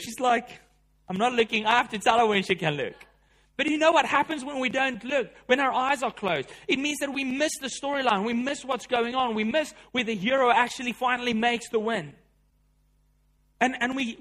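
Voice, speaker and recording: A man preaching a sermon as pastor, emphatic and repetitive, lifting his voice for dramatic quoted cries and then dropping low. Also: a bit bright. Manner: emphatic preacher, repeats key lines, rises in volume for quoted cries.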